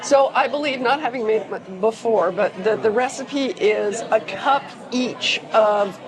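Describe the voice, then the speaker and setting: A woman's voice: a little high, measured pace, poor audio. A woman reviewing food in a casual vlog, describing flavors and dishes in detail, in a restaurant. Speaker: food vlogger. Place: indoor restaurant. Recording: busy restaurant chatter behind.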